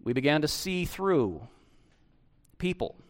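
A pastor speaks slowly in a voice on the high side, preaching his sermon in an animated, conversational manner. Restarts come often, and he questions the congregation directly.

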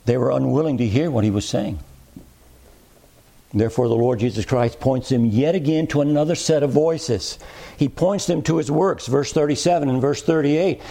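A man's voice: a little high, animated, normal speed, gravelly, dark tone. A man preaching an expository sermon, with rising, emphatic cadences.

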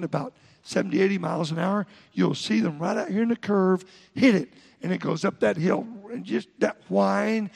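Gravelly-voiced pastor preaching. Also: male voice, high-pitched, big-room sound. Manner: folksy storytelling with quoted voices. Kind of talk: sermon.

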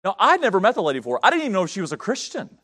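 High-voiced preacher from North Carolina. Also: male voice, wildly swooping pitch, very fast, pushed and bright. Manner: storytelling preacher, builds to emphatic swells. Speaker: pastor. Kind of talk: sermon.

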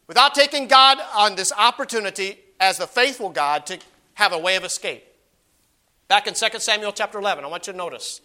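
Bright high-pitched preaching man. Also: expressive. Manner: preaching with emphatic rises and hushed asides; reads scripture aloud in slow measured phrases. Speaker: pastor. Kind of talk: expository sermon.

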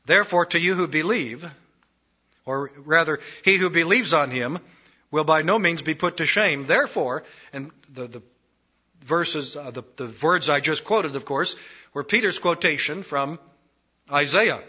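Emphatic male preacher, husky and bright. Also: fairly high pitch, animated, unhurried, dull audio. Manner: emphatic, repeats phrases for stress. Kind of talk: expository sermon.

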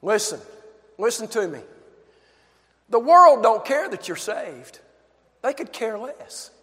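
Male pastor, sermon, emphatic, lively swooping pitch, slow delivery, long church reverb. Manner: emphatic, asks the congregation questions.

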